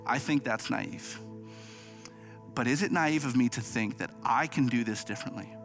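A man's voice: mid-range voice, normal speed, a bit bright, soft background music. A man, an associate campus pastor, giving a sermon in an earnest, humble way with frequent small restarts.

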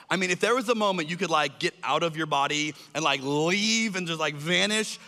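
Bright-voiced man telling a story. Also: high-pitched, moderate pace, a little hiss or hum. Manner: animated, acts out other people's lines in raised voices. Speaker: speaker telling a personal story. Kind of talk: storytelling talk. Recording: long hall reverb.

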